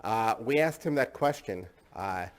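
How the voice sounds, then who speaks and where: A man's voice: lowish voice, expressive, unhurried. Chatty enthusiastic male host. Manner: enthusiastic, chatty, repeats himself. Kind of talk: casual hosted tasting discussion.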